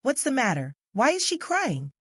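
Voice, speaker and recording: A woman narrator voicing a haughty young upper-class lady who is quick-tempered, peremptory one moment and sugary-sweet the next. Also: mid-range voice, very animated, dry recording, studio quality, pitched above the performer's own voice. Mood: demanding.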